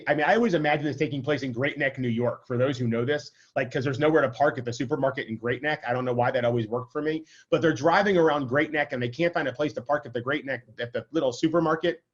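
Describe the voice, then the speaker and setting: Rabbi guy teaching a class on a video call, kinda high voice, chatty, keeps saying right, audio a bit dull. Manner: conversational, asks "right?" often, self-deprecating asides. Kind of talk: informal lecture.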